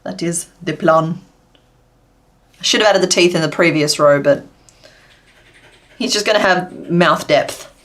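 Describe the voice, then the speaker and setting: A woman hosting a casual crochet livestream, chatting and making puns as she works. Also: lowish voice. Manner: chatty, answers chat and makes puns while working.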